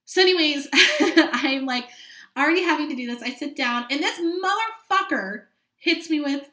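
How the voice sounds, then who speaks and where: A woman's voice: sits high, animated, moderate pace, pushed and bright, reverberant. A woman in her late twenties hosting a solo podcast, speaking frankly and with lots of swearing as she vents with dramatic asides. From California. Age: late 20s. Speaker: podcast host. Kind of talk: candid solo podcast monologue.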